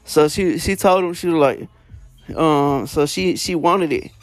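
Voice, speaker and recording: Man, casual storyteller, rambling with fillers and slang, slightly high voice, dry close sound, faint music under. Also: takes it slowly, no echo.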